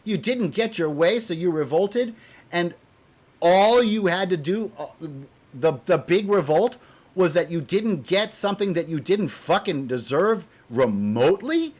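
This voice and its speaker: A man with a notably high-pitched voice delivers a heated, profanity-laced rant to his viewers. He sounds exasperated, stumbles and repeats phrases as he gets worked up, and lurches between loud outbursts and quieter muttered asides. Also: expressive, measured pace. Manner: profane, exasperated, repeats himself when angry. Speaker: video blogger. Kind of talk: heated opinion rant to camera.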